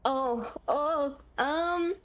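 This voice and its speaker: A woman's voice: high-pitched, very slow, a bit bright. A woman with an Australian accent, a voice actor answering convention panel questions in a bubbly way, laughing and repeating herself for emphasis. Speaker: voice actor guest.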